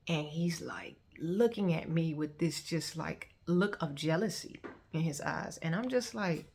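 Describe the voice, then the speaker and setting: A woman tells her personal testimony. Her voice sits low with a gravelly, fry-edged texture. She talks conversationally and gets animated when she quotes other people. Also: unhurried, a little hiss or hum. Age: 30s. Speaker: testimony vlogger.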